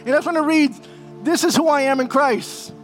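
High-voiced man preaching a heartfelt sermon. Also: a little fast, soft background music. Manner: emotional storytelling, addresses congregation as family. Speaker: pastor.

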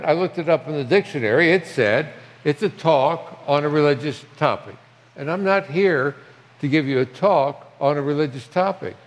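Older male pastor preaching in a hall. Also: fairly high pitch. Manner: conversational, animated preaching with dramatic scripture reading. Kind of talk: sermon. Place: church sanctuary. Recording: long hall reverb.

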